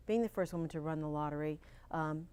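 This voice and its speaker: A woman's voice: deep voice, dark tone, smooth. A middle-aged woman, talking as a candidate guest in an earnest, upbeat way in a local TV studio. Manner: earnest, upbeat, spells out slowly. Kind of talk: casual interview talk.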